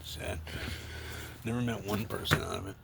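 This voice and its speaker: Gravelly forty-year-old man rambling. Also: lowish voice, fairly even intonation, normal speed, very noisy. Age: 40s. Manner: rambling, heavy swearing, many fillers, emotional. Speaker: vlogger. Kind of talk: rambling confessional monologue to camera. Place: at home, indoors.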